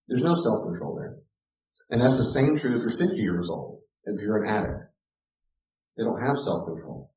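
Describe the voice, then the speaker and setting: A middle-aged man giving a sermon-style teaching, animated, often acting out children's voices. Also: on the low side. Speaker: pastor teaching a class. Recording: echoey room, dull lo-fi sound.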